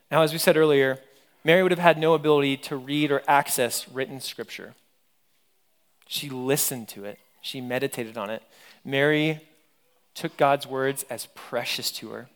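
A pastor in his thirties preaching a sermon, earnest and emphatic, repeating key phrases. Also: a little high.

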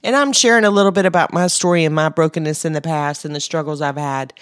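A woman's voice: low-pitched, fast, clean tone, no echo, studio quality. A woman giving an earnest Christian testimony, stringing long sentences together with "and" and building to an urgent exhortation. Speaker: Christian speaker sharing a mission testimony.

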